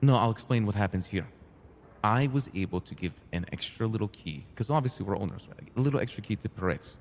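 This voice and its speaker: A man's voice: on the low side, in a large hall, a little hiss or hum, close to an everyday voice. A man playing a hot-tempered crew boss. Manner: animated retelling, acts out quoted lines, swears freely. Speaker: roleplay character telling his side. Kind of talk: in-character storytelling in a roleplay game.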